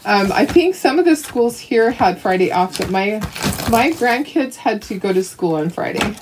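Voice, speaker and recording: A woman's voice: mid-range voice, sing-song, normal speed. Brief: older woman craft host, friendly running chatter as she paints, laughs a lot, faint background noise. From Canada. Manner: chatty, laughs often, talks to viewers. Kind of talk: casual chat while painting crafts.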